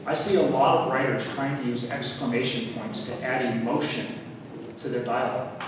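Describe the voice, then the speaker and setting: A man's voice: medium pitch, moderate pace. Guy teaching a writing workshop, recorded from way back in a big echoey room. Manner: relaxed teaching with fillers, wry asides. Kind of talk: lecture at a writers' meeting. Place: meeting hall. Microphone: room recording from a distance. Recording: echoey hall recorded from far off with noise.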